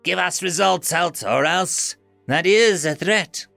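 A man's voice: high voice, takes it slowly, vocal fry, sharp tone, dry recording, soft background music, full character voice. A man voicing a snarling, threatening male alien military commander.

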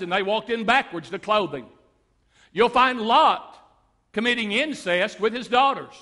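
High bright-voiced preacher. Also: male voice, big-room sound. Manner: preaching, swings from loud to quiet storytelling. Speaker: pastor. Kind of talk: sermon. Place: church sanctuary.

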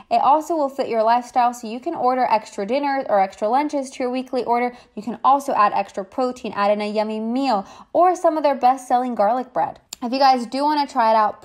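A young woman talking casually through her vlog, joking and poking fun at herself as she cooks and tastes food. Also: on the high side. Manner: jokey, self-mocking, chatty. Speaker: vlogger. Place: home kitchen.

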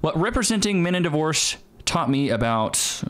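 A man from Texas with a Texas accent, hosting a reaction video in casual, animated, mock-preachy commentary. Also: a little high, moderate pace.

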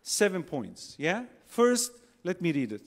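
High-pitched guy preaching on stage, lively, keeps asking the crowd stuff. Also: unhurried. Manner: animated, asks the crowd questions and acts out quotes. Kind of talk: religious talk to a live audience. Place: large convention hall. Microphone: holding a phone and a mic on stage.

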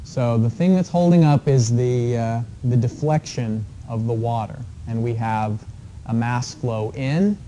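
A male engineering professor giving a recorded class lecture, explaining problems in a measured way with frequent fillers and pauses. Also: medium pitch, mellow, a little hiss or hum.

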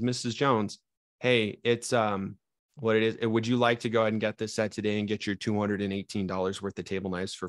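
A man's voice: lowish voice, no room sound. A young man running a live sales training, talking straight to his trainees with energy that rises and falls.

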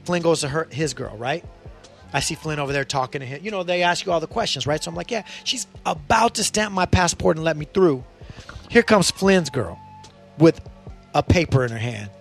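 A man hosting a podcast, telling a road story in a casual, animated way and swearing freely. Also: on the high side, vocal fry. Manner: animated, acts out voices in his stories, swears freely. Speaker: podcast host.

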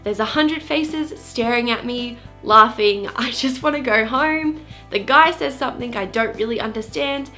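Woman retelling her first school day all dramatic, bit high voice, faint music. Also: normal speed, sharp tone. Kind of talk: personal storytelling.

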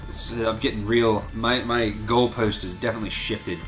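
A woman's voice: a bass voice, steady tone, normal speed, music in the background. A woman streaming a video game with friends, chatting casually with sarcastic, mock-dramatic asides and frequent swearing. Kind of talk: casual gameplay banter.

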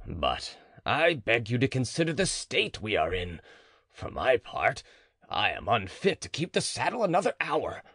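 A man's voice: mid-range voice, huge pitch swings, unhurried, a bit bright, husky, dry recording, clean studio sound, exaggerated voice. A man voicing a portly, worn-out provost who speaks in a heavy, formal and polite way. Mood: pleading. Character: portly, worn-out middle-aged male provost.

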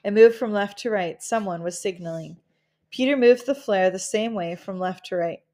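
A woman reading a children's novel aloud in a gentle, measured storytelling manner. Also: mid-range voice. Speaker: audiobook reader.

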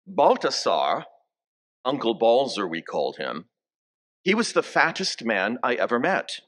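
This church homily comes from a bishop in his sixties whose mid-range, fairly bright voice has huge pitch swings. A slow storyteller, he relates family anecdotes and coaxes listeners to repeat greetings.

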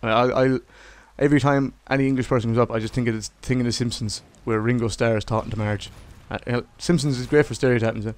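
A man's voice: medium pitch, fast, hardly any pauses. A young Irishman with an Irish accent, ranting casually to his viewers in a rambling, profane, jokey way. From Ireland. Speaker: gaming vlogger. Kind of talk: casual rant to camera.

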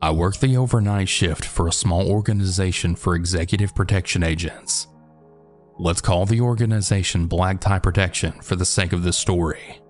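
A man narrating an animated horror story in a steady, matter-of-fact way. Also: sits low, normal speed, soft background music.

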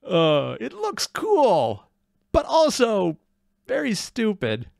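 Man, reaction host, lively swooping voice, sarcastic asides, dry close sound. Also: high-pitched, takes it slowly, creaky, no echo. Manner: animated, sarcastic asides, laughs at own jokes. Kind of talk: casual reaction commentary.

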